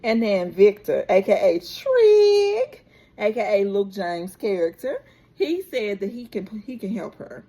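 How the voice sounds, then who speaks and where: A woman vlogger chatting through a casual, animated recap of a TV episode. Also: medium pitch. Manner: chatty, animated, drawn-out storytelling.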